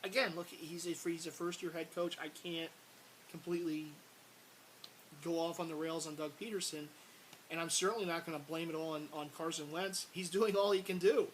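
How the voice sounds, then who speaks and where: Casting note: rambling, exasperated male fan vlogger, a touch high, faint hiss behind. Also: little pitch movement, normal speed, rough recording. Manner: frustrated, rambling, repeats words, bursts of exasperated shouting. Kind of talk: casual sports rant to camera.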